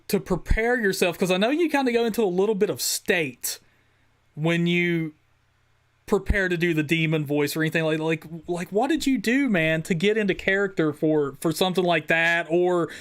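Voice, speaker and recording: A laid-back podcast host, a man with a high voice who talks in loose slang and pushes eagerly for more. His casual interview chatter sounds relaxed and keen. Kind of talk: casual live-stream interview.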